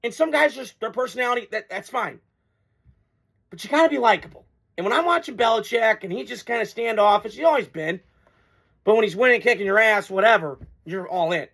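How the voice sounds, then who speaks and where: A man with a high-pitched voice and a gravelly, creaky edge, talking sports on his own show. He is blunt and profane and mocks freely as he riffs through an opinionated monologue. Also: expressive, brisk, a bit bright.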